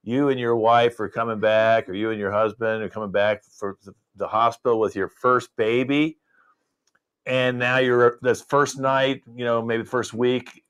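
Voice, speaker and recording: A man's voice: mid-range voice, fairly bright tone, smooth. A man improv performer on a video call, playing up mock anxiety in an exaggerated way. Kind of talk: improvised comedy scene.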